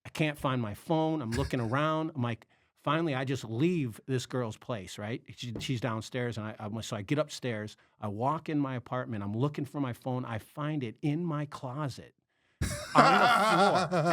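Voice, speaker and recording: A man from the Chicago area, a podcast guest, telling a story in casual chat. He is animated, acts out the voices of the people he quotes and swears freely. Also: medium pitch, moderate pace, dry recording, clean studio sound. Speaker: podcast guest, comedy club bartender.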